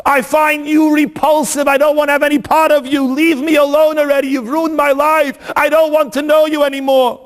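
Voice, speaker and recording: A preacher puts on a husband boiling with contempt, dragging out each scornful word. The high voice hangs in a long reverb. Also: male voice, little pitch movement. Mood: scornful fury. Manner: slow, scornful shouting.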